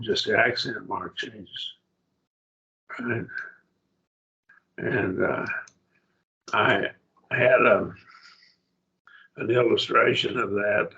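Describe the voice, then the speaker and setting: Slow gravelly man teaching grammar. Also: on the low side, fairly bright tone, lo-fi sound. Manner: halting, with many fillers and restarts. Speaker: Greek teacher. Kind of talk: classroom grammar lesson. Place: church classroom.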